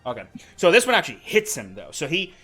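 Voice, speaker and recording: A man acting as game master for a tabletop game, his voice bright and cutting. He is excitable and laughs often, and he restarts sentences as he narrates the action. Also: on the high side, fast, faint music behind. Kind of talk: running a tabletop game, casual chat.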